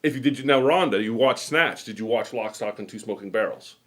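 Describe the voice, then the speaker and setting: A man's voice: lowish voice, brisk, fairly bright tone. Rambling, chatty middle-aged man. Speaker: host. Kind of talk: casual chat.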